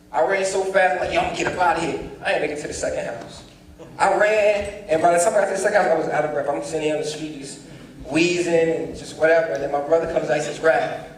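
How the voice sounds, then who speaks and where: A man's voice: fairly high pitch, slight background noise. A young man telling his life story at a motivational seminar, acting out the dialogue and calling out to the crowd. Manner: animated, acts out dialogue, addresses the crowd directly. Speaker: motivational speaker. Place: large performing arts hall. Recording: echoey hall, distant mic, faint ambience.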